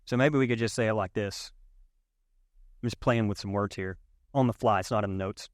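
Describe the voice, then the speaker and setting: A man's voice: on the low side, a little fast, no room sound, studio quality. A man preaching a sermon as pastor, conversational and emphatic, with rhetorical questions to the congregation. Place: church sanctuary.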